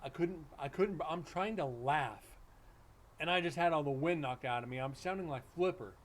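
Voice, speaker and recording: Speaking at a normal speed in a slightly high voice, a man hosting a livestream spins casual stories bluntly and with plenty of jokes. He's using a streaming setup mic.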